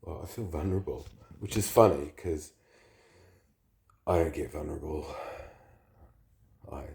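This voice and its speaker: Man, flu-sick, very low creaky voice, rambling confessional storytelling. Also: measured pace, darkish tone. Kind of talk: casual personal storytelling.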